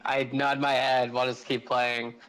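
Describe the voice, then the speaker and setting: A man playing in a tabletop game who calls out his character's actions loudly. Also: mid-range voice, flat delivery, measured pace, crowd noise, poor audio. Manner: loud, calling out. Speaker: player.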